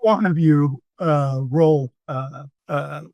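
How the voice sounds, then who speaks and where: A man narrates scenes as game master, filling his sentences with ums and likes as he searches for what comes next. His voice sits fairly high for a man. The recording is dry and close. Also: dry recording, highs cut off. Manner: halting, many ums and likes.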